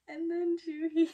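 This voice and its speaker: A woman's voice: extremely high pitch, mellow. A woman vlogger giving a casual, chatty recap of a drama episode, laughing often and rambling with lots of fillers. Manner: giggly, laughs often while retelling.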